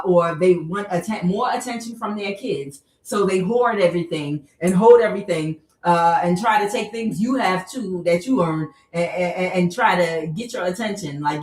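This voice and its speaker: A woman with a lowish voice delivers a casual tarot reading, blunt and full of cussing, and often slips into joking, worked-up rants. She sits some way back from the mic, and her voice rings around an echoey room. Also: distant mic. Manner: blunt, profane and joking, with sudden animated rants. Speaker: tarot reader.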